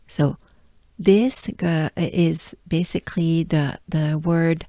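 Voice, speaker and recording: Slow, mellow French woman teaching pronunciation. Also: sits low, no room sound, studio quality. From France. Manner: slow, patient, repeats sounds drawn out. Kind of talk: pronunciation lesson.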